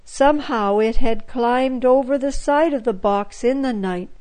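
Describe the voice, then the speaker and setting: A woman narrating a children's story in a gentle, measured way. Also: fairly high pitch, low-quality recording.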